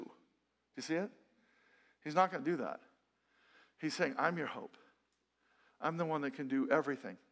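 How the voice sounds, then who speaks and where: Middle-aged male pastor, slightly high-pitched, earnest conversational sermon with restarts. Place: church sanctuary.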